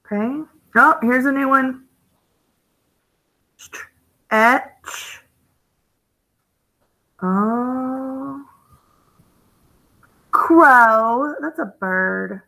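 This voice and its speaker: A woman's voice: high-pitched, very slow, vocal fry, long pauses, sharp tone, rough recording. A woman teaching a phonics lesson to young children, thinking aloud as she codes words and gasping with delight at each new rule. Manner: encouraging, gasps with delight at new rules.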